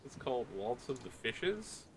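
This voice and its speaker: A man's voice: medium pitch, very animated, a little slow, background noise. A man narrating a tabletop game as game master in a casual, chatty way. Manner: casual, chatty, many fillers.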